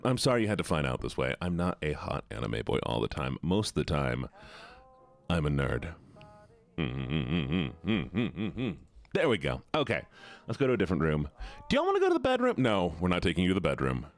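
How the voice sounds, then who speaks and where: A man chatting casually with his live-stream audience, playful and teasing as he reads out viewer redeems. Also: sits low.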